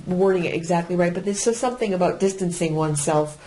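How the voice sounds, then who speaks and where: A woman's voice: fairly low pitch, fast talker, mellow, soft background music, poor audio. A woman co-hosting a podcast, rambling through analogies as she talks. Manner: rambling, reaches for sports analogies. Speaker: podcast co-host. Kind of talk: podcast chat.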